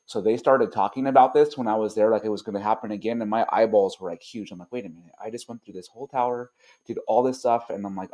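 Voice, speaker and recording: Male firefighter co-host, low voice, easygoing and enthusiastic delivery. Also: fairly even intonation, fast talker, mellow. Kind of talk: casual podcast conversation.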